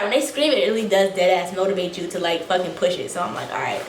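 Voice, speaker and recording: A young woman telling a casual story to her vlog viewers, animated and a little out of breath, acting out the quotes. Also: mid-range voice, fast talker, hardly any pauses. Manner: animated, acts out quotes, swears freely. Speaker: vlogger. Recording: echoey room, faint noise.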